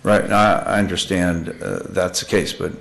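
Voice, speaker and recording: A man's voice: low-pitched, steady tone, normal speed, gravelly, a bit bright, slight background noise. A man testifying as a property owner at a public meeting, agreeable and deferential, often restarting his sentences. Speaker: property owner applying for a land-use change.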